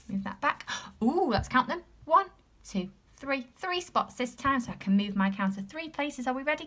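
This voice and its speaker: A woman with an English accent teaching a phonics lesson to young children, sounding out letters slowly and encouraging the class, sometimes dropping into a whisper. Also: medium pitch, animated, a bit bright. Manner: drops to a whisper at times.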